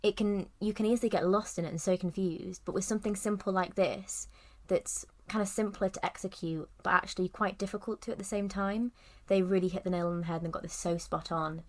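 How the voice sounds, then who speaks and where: A woman's voice: medium pitch, fairly even intonation, fairly quick, hardly any pauses. A young woman co-hosting a podcast, chatting casually about a film with lots of "like" and "kind of" and frequent giggles. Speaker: podcast co-host. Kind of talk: casual film review chat.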